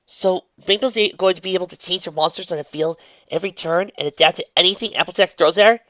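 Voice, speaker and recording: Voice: medium pitch, quick pace, fairly bright tone, dry recording, muffled recording, pitched above the performer's own voice, natural voice. A reader voicing a curious, studious young woman asking a question.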